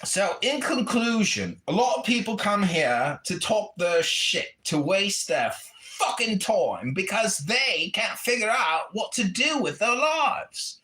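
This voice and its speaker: A man putting on the voice of a loud, scornful male American patriot who rants and shouts in a wailing tone. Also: sits high, very animated, slow, hardly any pauses, roomy sound, exaggerated voice. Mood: scolding. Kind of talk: mocking character voice in an audio chat room.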